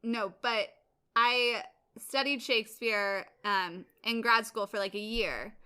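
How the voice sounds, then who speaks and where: A young woman co-hosts a podcast with a bright, fairly high voice. She talks in a chatty way and pokes fun at herself as she goes. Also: slow pace, clear, resonant tone. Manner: chatty, laughing, self-mocking. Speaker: podcast co-host. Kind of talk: casual chat.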